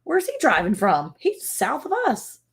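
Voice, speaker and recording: A woman co-hosting a casual ranch livestream, chatty and quick to laugh, slipping into voices to mimic people. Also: medium pitch, big pitch swings, creaky. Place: home on a farm.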